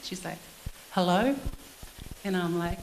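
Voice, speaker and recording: A woman speaking at a family funeral service in a church hall, her voice bouncing around the room. She tells her stories in a loose, chatty way, with a few fillers, at an ordinary pitch. A faint hum of noise sits under the echo. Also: fairly even intonation, measured pace. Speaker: daughter-in-law giving a tribute. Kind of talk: funeral tribute speech.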